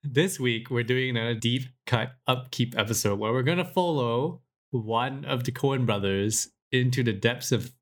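A man's voice: medium pitch, moderate pace, few pauses. A man co-hosting a film podcast in casual chat, laughing often and poking fun at himself. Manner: laughing, self-deprecating. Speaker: podcast co-host.

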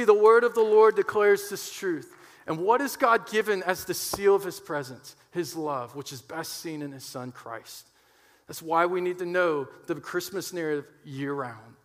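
A man's voice: a little high, in a large hall. A man preaching a sermon to his church, emphatic and getting fired up, often checking in with "right?". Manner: gets fired up.

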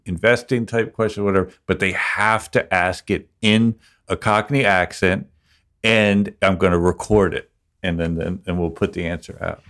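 A man with a very low, deep voice chats on a podcast. He rambles and restarts his sentences in a loose, playful way. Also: fairly even intonation, moderate pace, fairly bright tone. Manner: rambling, self-interrupting, playful. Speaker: podcast co-host, music business lawyer. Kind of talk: casual podcast chat.

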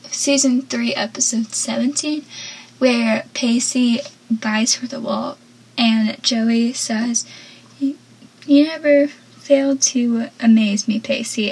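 A woman's voice: fairly high pitch, husky, low-quality recording. A woman recapping a TV episode in a casual, chatty, enthusiastic way, with asides and laughter. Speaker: show recap host. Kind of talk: casual show recap, reading out scenes.

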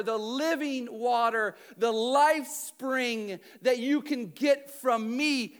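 A man voicing a calm, patient male teacher who speaks earnestly and with emphasis. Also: extremely high pitch, clear, resonant tone, heavily acted.

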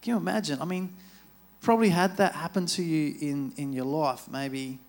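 A man's voice: on the high side, moderate pace, darkish tone. A man giving a sermon in a chatty, storytelling way, speaking into a microphone in a church. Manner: casual, chatty retelling with acted-out quotes. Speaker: preacher.

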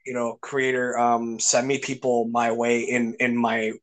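A man's voice: mid-range voice, completely flat delivery, measured pace, a bit bright. Man, podcast host, casual chat, enthusiastic storyteller, many restarts.

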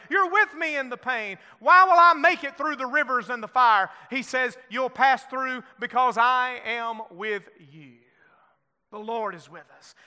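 A man preaching a Pentecostal-style sermon, moving between shouted scripture and hushed, intimate storytelling. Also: extremely high pitch, clean tone. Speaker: pastor. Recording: long church hall reverb.

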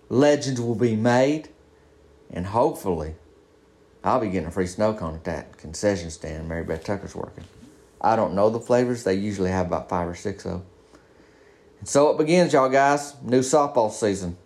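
A man's voice: lowish voice, moderate pace, a little mellow. A man telling a rambling comic story in a folksy, down-home way. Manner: folksy Southern drawl storytelling, slips into voices for friends. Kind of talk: first-person comedic monologue in character.

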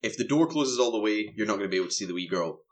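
A man's voice: lowish voice, expressive, rapid-fire. A man, co-hosting a casual film review chat and animatedly recapping scenes. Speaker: film podcast co-host.

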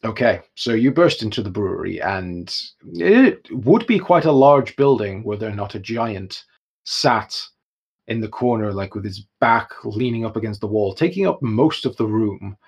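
A young man narrating a tabletop game as game master, in an animated style with chuckles. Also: lowish voice, normal speed, slightly rough.

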